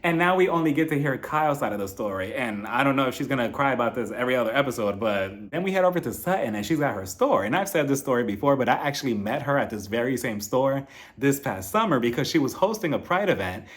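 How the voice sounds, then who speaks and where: A man's voice: medium pitch, big pitch swings, fast. A man giving sassy, gossipy commentary while reviewing a reality TV show. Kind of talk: casual video commentary.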